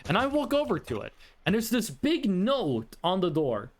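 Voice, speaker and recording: A man's voice: high voice, wildly swooping pitch, normal speed. A man who grew up in Norway, telling a rambling story to his live chat as a streamer, and he breaks off to answer viewers.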